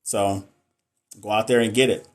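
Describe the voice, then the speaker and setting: A man's voice: lowish voice, steady tone, normal speed. Chatty man on a live stream. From Texas. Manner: chatty, jokey, reads and answers viewer comments. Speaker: nurse educator hosting a live stream. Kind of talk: casual live-stream chat.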